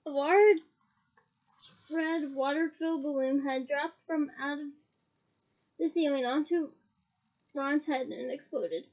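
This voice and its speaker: A woman's voice: sits high, slow, pauses often, a little mellow, highs cut off. A woman reading a novel aloud expressively, with small slips and asides. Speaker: reader.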